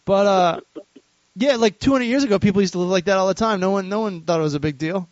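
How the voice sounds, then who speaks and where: A man's voice: high-pitched, fast talker, dry recording. Laughing, swearing man on a dull call. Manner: swears freely, laughs often. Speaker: podcast host. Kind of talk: casual chat.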